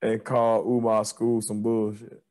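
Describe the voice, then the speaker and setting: A man's voice: fairly low pitch, completely flat delivery, a little slow, darkish tone. A man co-hosting a podcast, chatting casually in loose slang and laughing often. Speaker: podcast co-host.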